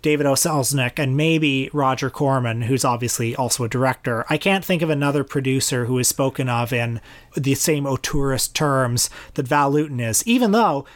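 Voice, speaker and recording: Measured podcast co-host man. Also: medium pitch. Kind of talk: casual film discussion.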